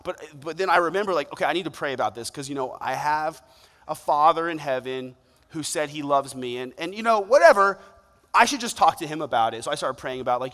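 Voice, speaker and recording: A man preaching a sermon, telling stories with lively quoted voices. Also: on the high side, a little fast. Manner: animated storytelling with playful quoted voices. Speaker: pastor. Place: church auditorium. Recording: long reverb of a large hall.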